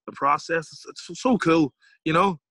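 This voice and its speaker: A man with a Derry Northern Irish accent tells stories as a podcast guest, his voice sitting high and bright with a forward edge. He talks in a loose, animated way, slipping into other people's voices for quoted lines and swearing easily. The sound is dry and close, with hardly any room around it. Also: normal speed, no echo, poor audio. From Northern Ireland. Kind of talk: casual storytelling interview.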